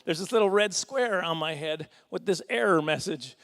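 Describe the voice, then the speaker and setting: High-voiced self-mocking comedian man. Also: a bit bright. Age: middle-aged. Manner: rambling, self-deprecating, quick asides with chuckles. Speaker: stand-up comedian. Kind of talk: stand-up comedy set. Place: fundraising dinner hall.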